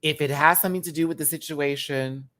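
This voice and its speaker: A man hosting a casual reaction show, campy and chatty, swinging from loud exclamations to quiet asides and laughing often. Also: a little high, fairly even intonation, a little fast. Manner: campy and chatty, repeats words for emphasis.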